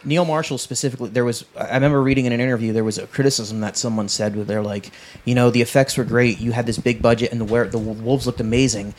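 A man's voice: medium pitch, steady tone, fast, hardly any pauses, a little mellow, a little hiss or hum. A man chatting casually on a podcast, rambling enthusiastically with many restarts. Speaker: podcast panelist. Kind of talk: casual chat about horror films.

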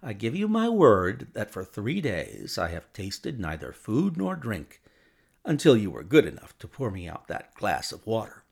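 A man voicing Sherlock Holmes, a brisk, ironic, triumphant detective, in a crisp, amused manner. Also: on the low side, wildly swooping pitch, full character voice.

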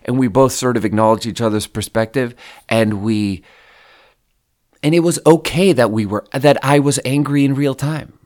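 A man's voice: mid-range voice, moderate pace, darkish tone. A man from Sweden co-hosting a podcast, talking candidly in a rambling, casual way and swearing freely. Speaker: podcast co-host. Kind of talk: casual reflective chat.

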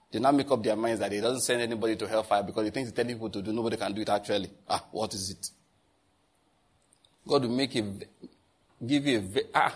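Husky preacher man teaching a class. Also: medium pitch. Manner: animated, laughs often, asks the audience questions. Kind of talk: sermon teaching.

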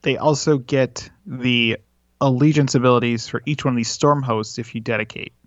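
A man in casual chat, calmly and knowledgeably explaining tabletop game rules. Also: medium pitch, moderate pace, dry recording. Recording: dull, dry lo-fi audio.

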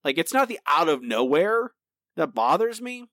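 A podcast co-host chats casually, rambling and restarting often. His voice sits on the high side and sounds very animated and fairly bright, at a moderate pace, in a dry, clean studio recording.

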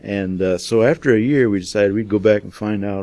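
A man's voice: on the low side, brisk, mellow, no echo. An older man, a missionary, telling a testimony in a folksy, rambling way with many fillers. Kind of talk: casual storytelling testimony.

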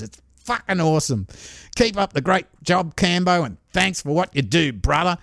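A man's voice: sits high, expressive, normal speed, vocal fry, a bit bright, dry recording, clean studio sound. A man hosting a true crime podcast, reading out a listener's story in a casual, profane way and chuckling along as he goes.

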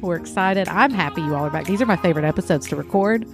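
A woman's voice: on the low side, fast, over music. A woman hosting a podcast in a bubbly, casual chat with friends, laughing easily. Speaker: podcast host.

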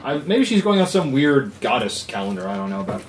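A man's voice: mid-range voice, big pitch swings, fast talker, a little hiss or hum. A man chatting casually as a player in a tabletop game, rambling and joking with lots of fillers. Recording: roomy echo.

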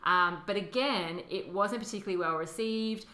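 A woman's voice: mid-range voice, normal speed, sharp tone. A woman co-hosting a podcast, explaining history in a chatty way, with fillers and frequent laughter. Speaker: podcast co-host. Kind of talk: casual conversational history chat. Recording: roomy echo.

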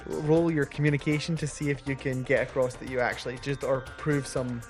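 Male game master, mid-pitched, halting narration full of restarts, tabletop session. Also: little pitch movement, faint music behind. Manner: halting, many restarts and fillers.

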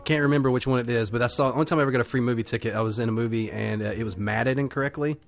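A man in relaxed conversation who rambles through long anecdotes, laughing along the way and swearing without a second thought. His voice sits at an ordinary middle pitch. It is recorded dry and close, with no room sound around it. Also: rapid-fire, gravelly, dry recording. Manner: rambling storyteller, laughs often, swears casually. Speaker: podcast co-host. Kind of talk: casual chat.

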